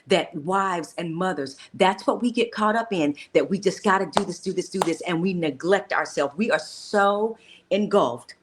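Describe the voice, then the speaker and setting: A woman's voice: fairly low pitch, normal speed, a little hiss or hum. A woman podcast host and coach talking in an emphatic, encouraging way, with preacherly asides, during a faith-based interview.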